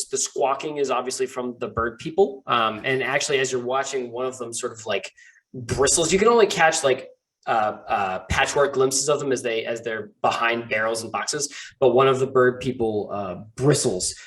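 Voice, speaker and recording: Casting: relaxed male game master, casual and hesitant delivery. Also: mid-range voice, rough recording. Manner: casual, halting with fillers, laughs easily. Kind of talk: narrating a tabletop game.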